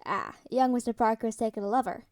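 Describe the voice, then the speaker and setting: Woman voicing a playful teasing grown man, mellow tone, dry sound, storybook. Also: fairly high pitch, quick pace, no room sound, natural voice. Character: Sam, teasing adult man.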